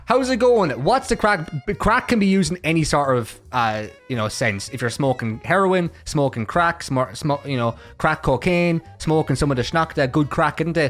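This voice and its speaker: A young Irish man with an Irish accent, explaining slang in a crude, joking vlog full of swearing and quick mock voices. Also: a little high, a bit bright. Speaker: comedy vlogger.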